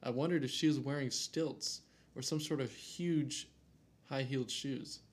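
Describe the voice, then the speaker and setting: A man's voice: mid-range voice, fairly even intonation, unhurried. Casual man reading a scary story. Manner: reads aloud with jokey asides and stumbles over names.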